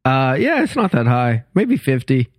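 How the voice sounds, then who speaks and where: A man's voice: medium pitch, big pitch swings, normal speed, no echo, studio quality. A male guest comedian in a casual podcast chat, rambling through stories and laughing as he talks.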